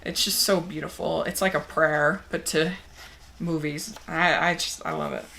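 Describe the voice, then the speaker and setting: A woman's voice: low voice, fairly even intonation, normal speed, vocal fry, fairly bright tone. A young woman reviewing movies, chatting casually and enthusiastically as she answers a movie tag.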